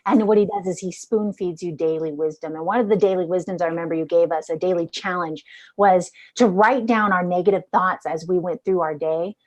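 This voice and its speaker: A middle-aged woman host telling her own story in an earnest, animated way during a conversational interview. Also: fairly low pitch, fairly quick, low-quality recording. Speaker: podcast host.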